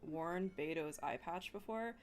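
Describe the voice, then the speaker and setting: A woman's voice: lowish voice, unhurried. Giggly rambling young woman streamer. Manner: rambling, giggly, many fillers and restarts. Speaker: vtuber streamer. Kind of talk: casual chat with viewers.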